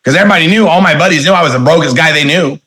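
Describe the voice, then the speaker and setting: A man's voice: on the high side, very fast, pushed and bright, poor audio. A man in his forties giving a motivational sales training talk, emphatic and full of rhetorical questions, stretching key words for inflection. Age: 40s. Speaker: network marketing speaker trainer.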